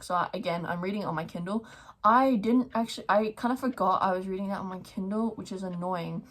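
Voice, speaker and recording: A young woman chatting excitedly about her month of reading on her book vlog, with lots of fillers. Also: mid-range voice. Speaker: book vlogger. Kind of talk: casual reading wrap-up chat. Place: at home, neighbour's garden noise outside.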